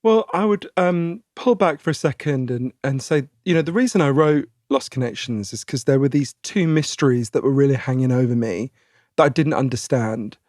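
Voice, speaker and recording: A man in his forties with a posh British accent, answering interview questions in a chatty, animated way, laughing often and restarting his sentences. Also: mid-range voice, moderate pace, no echo, clean studio sound. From Britain. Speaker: guest author.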